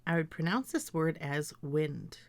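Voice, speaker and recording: A woman teacher talks through a recorded grammar lesson in a lowish voice, reading out example sentences slowly and carefully. The sound is dry and close, with no room around it. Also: lively intonation, dry recording.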